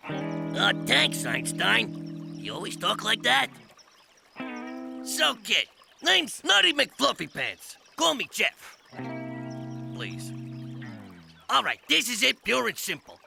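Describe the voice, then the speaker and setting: A man's voice: high-pitched, huge pitch swings, takes it slowly, vocal fry, long pauses, full character voice. A man voicing a scrappy, tough-talking male garden gnome leader in a cartoon, with music underneath. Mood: gruff. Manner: brash, tough-guy, insulting.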